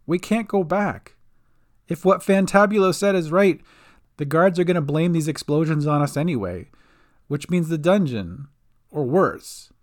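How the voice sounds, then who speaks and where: A man's voice: on the high side, expressive, measured pace. A man doing an earnest young adventurer. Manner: earnest, urgent when giving orders.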